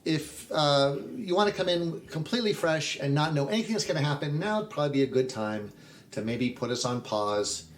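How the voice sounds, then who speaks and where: A man's voice: a little high, expressive, brisk. A man hosting a podcast, asking his guests questions in a chatty, joking way. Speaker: podcast host. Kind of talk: casual podcast chat.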